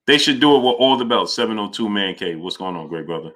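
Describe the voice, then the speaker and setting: Bright-voiced New livestream host. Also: male voice, fairly low pitch, lively intonation, fast. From New York. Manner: greets viewers by name, reads super chats aloud. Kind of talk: casual livestream chat.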